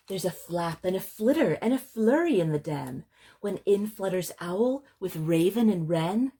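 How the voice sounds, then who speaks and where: A woman librarian reading a picture book aloud for children, slow and gentle, pausing to explain words. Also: lowish voice, lively intonation, slightly rough.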